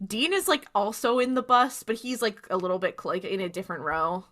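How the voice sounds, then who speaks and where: Woman podcast cohost, bright voice, chatty recap, does little character voices. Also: mid-range voice, fairly quick. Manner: lively scene retelling with acted-out quotes. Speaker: podcast co-host. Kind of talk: casual recap chat.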